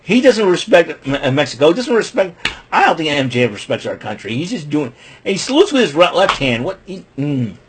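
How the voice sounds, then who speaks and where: A man's voice: a little high, sing-song, brisk, slight background noise. A man hosting his own show, giving a rambling, exasperated rant in a wrestling recap. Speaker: show host.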